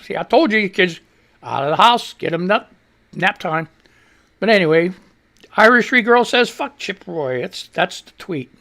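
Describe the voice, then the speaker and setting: A man's voice: high-pitched, a bit bright. A man in his sixties hosting a live radio stream, chatting casually and profanely and reading viewer tweets. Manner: profane, rambling, laughs at himself. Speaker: radio show host.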